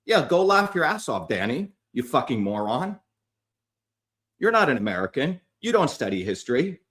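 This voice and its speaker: A man's voice: medium pitch, very animated, normal speed, fairly bright tone. A man hosting a livestream, delivering a heated, profane, combative rant at his viewers. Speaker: livestream host.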